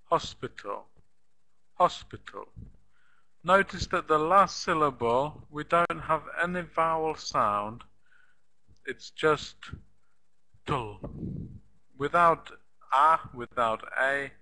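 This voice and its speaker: A man giving an English lesson at a very unhurried pace, repeating words and sounding them out. His voice is a little higher than most men's and very bright and crisp. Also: rough recording. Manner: slow, patient, repeats and spells out words. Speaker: English teacher.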